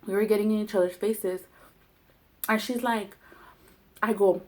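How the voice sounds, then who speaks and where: A woman's voice: mid-range voice, fairly even intonation, a little slow, long pauses, a little mellow. Blunt, foul-mouthed young woman vlogger. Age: 20s. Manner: blunt, profane, heated storytelling. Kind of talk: casual storytelling while eating.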